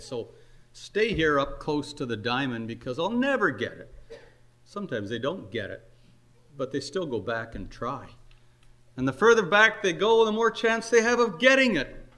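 An older man preaching a sermon, earnest and unhurried, his voice climbing on emphatic questions. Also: a little high, fairly bright tone. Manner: earnest, slow exhortation with rising emphatic questions.

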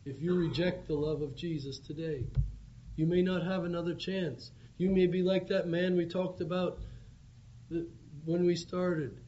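A man's voice: a little high, fairly even intonation, measured pace, dark tone. A man preaching an evangelistic sermon, with earnest, pleading appeals. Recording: dull lo-fi recording with faint background hum.

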